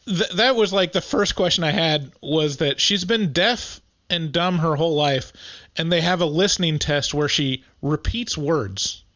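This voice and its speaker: A man co-hosting a podcast in casual chat. He laughs often and fills pauses with "like" and "um.". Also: fairly high pitch, fairly bright tone, no echo, clean studio sound. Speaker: podcast co-host.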